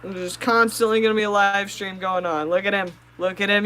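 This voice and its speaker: A woman hosting a live stream, chatting excitedly with viewers and talking to her fish. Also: medium pitch, brisk, hardly any pauses, clean tone, poor audio.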